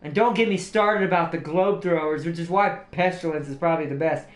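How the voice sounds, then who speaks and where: A man's voice: a little high, a little fast. A man hosting a livestream, chatting casually and laughing often, rambling with restarts. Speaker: livestream host. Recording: roomy echo, faint music behind.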